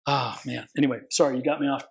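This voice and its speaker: Animated male attorney telling stories. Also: mid-range voice, fast talker, gravelly, poor audio. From California. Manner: animated, acts out quoted voices, swears casually. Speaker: consumer protection attorney, guest. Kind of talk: casual interview storytelling.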